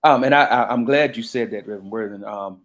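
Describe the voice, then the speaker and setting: Male pastor on a panel, low voice, thoughtful and halting. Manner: reflective, frequent restarts and fillers. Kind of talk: panel conversation.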